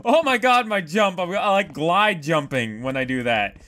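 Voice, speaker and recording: A man doing horror game commentary, jumpy and swearing, swinging between loud yelps and low muttering. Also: animated, normal speed. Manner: jumpy, loud exclamations and cursing. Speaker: gaming YouTuber.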